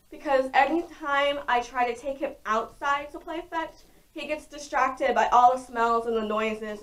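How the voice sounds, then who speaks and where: A young adult woman vlogging in casual chat to camera, talking loudly and frankly with many fillers. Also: fairly high pitch. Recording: voice distant from the mic.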